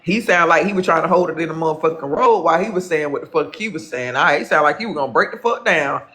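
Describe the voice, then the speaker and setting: A man's voice: on the high side, quick pace, bright, forceful tone. A man chatting on a live stream, rambling and profane, repeating himself as he gossips and calls viewers honey. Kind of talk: casual live-stream chat.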